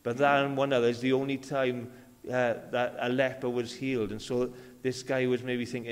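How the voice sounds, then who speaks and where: A man's voice: medium pitch, little pitch movement, moderate pace. A man preaching a sermon at a church service, talking conversationally and repeating key phrases for emphasis. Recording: long reverb of a large hall.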